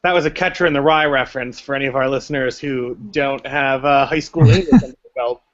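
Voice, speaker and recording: A man's voice: medium pitch, steady tone, fast. A man hosting a podcast in a casual chat, playful as he moderates and sums up the others' views. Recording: dull lo-fi podcast audio.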